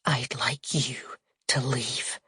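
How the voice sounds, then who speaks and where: A neat, frosty older widow with a Scottish accent, clipped and proper, her voice quavering when upset, as a woman puts her on. The tone is slightly husky and a touch low. It sits close and dry with no room around it. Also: normal speed, no echo. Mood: indignant.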